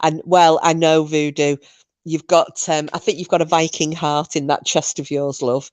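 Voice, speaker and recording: A woman's voice: deep voice, level tone, normal speed, a little mellow, no room sound. A woman hosting a casual live-stream quiz night, answering viewer comments and often breaking into laughter. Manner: giggly, often bursting into laughter.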